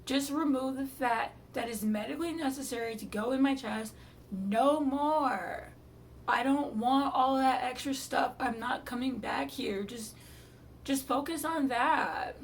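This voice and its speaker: A woman with a gravelly, fry-edged voice tells a storytime vlog, exasperated and blunt, now and then swearing. She sits a little off the mic, and a faint hum of background noise runs under her voice. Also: high-pitched, a little slow, recorded from a distance. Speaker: vlogger telling her surgery story.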